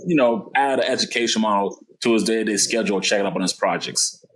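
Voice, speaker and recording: A man's voice: lowish voice, fast, low-quality recording. A man, a real estate investor guest, telling his story in a casual podcast interview and acting out the dialogue. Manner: animated, acts out dialogue in his stories.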